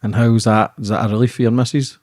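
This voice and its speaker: A man's voice: mid-range voice, level tone, fast, a little mellow, no echo, clean studio sound. A man hosting an interview, asking blunt, sweary questions in casual talk. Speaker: podcast host.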